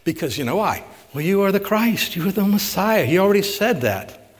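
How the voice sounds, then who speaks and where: A man's voice: high voice, sing-song, fairly quick. A male pastor giving a conversational sermon, asking the congregation rhetorical questions and retelling stories with emphasis. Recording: long hall reverb.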